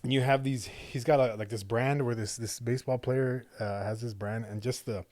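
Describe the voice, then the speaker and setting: A man's voice: medium pitch, steady tone, moderate pace, a little mellow, no echo. A man in his thirties, co-hosting a podcast and telling stories in a laid-back, profane way. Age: 30s. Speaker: podcast co-host. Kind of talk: casual chat.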